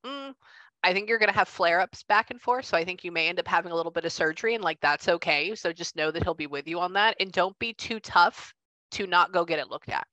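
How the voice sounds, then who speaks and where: Bright-voiced woman medium, lively and chatty. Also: fairly low pitch, no room sound. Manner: relays messages in quick bursts, acts out what she is shown. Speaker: psychic medium. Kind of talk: casual reading session.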